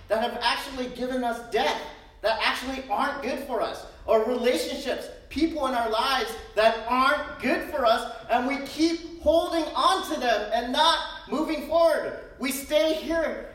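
A woman pastor preaching a sermon in a lively, joking way, full of rhetorical questions, in a church. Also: high voice. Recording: very echoey room, distant mic.

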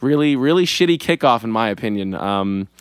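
A man's voice: mid-range voice, lively intonation, brisk, smooth, no echo, studio quality. A young man casually co-hosting a podcast, telling a story in a rambling way with many fillers and swearing freely. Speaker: podcast co-host. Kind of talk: casual chat.

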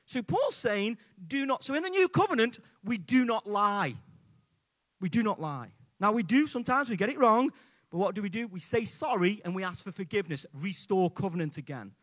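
A man's voice: high voice, animated, moderate pace, fairly bright tone. A man preaching a sermon to a live congregation in a conversational way, often asking the audience questions. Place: church before a live congregation.

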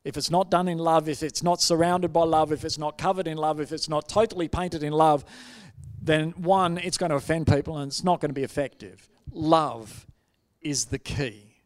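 Aussie pastor guy mid-sermon, kinda high voice, acts out the people in his stories. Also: moderate pace. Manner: animated storytelling, acts out quoted voices.

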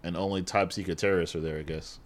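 A deep-voiced man talking quickly and casually as he summarizes a movie's plot. He jokes along the way and keeps the summary moving. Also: steady tone. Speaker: podcast co-host. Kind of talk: casual movie recap chat.

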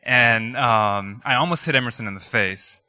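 A pastor speaking at normal speed in a mid-range voice preaches a sermon of personal stories. He sounds conversational and animated, laughing and filling gaps with filler words, and the recording has no echo.

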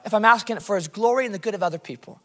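An American pastor preaches a passionate sermon in a church hall, telling stories from his missions work. His voice sits high and races, and the recording carries a long hall reverb.

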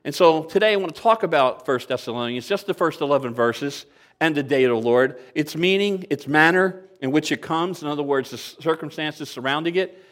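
An older man delivers a sermon in an easy, conversational way, with a bit of humor and plenty of questions put to the congregation. His voice sits a little higher than most men's. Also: animated, a little fast, a bit bright. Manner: conversational preaching with light humor and rhetorical questions. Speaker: pastor.

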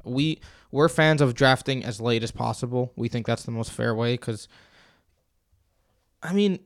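A man's voice: mid-range voice, unhurried, no room sound, clean studio sound. Casual young man co-hosting a podcast. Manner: relaxed, chatty, reads out promo codes. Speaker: podcast co-host.

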